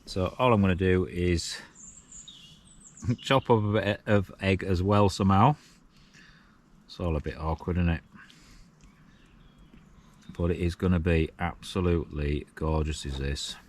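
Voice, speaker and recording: A man's voice: low voice, fairly even intonation, measured pace, pauses often, a little hiss or hum. A Yorkshire man vlogging casually from inside a small tent while wild camping, chatty and self-mocking with frequent chuckles. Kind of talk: casual camping vlog chat.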